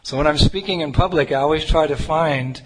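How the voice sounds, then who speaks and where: A man's voice: fairly high pitch, brisk. Earnest storytelling preacher man, reverberant hall. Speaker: Hare Krishna preacher. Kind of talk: sermon with personal storytelling. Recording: reverberant hall with faint noise.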